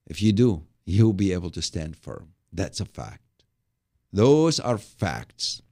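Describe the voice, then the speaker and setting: Lively enthusiastic male preacher. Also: sits low, slow pace, vocal fry. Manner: enthusiastic, repeats words for emphasis; explains and applies scripture. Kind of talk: live webcast sermon.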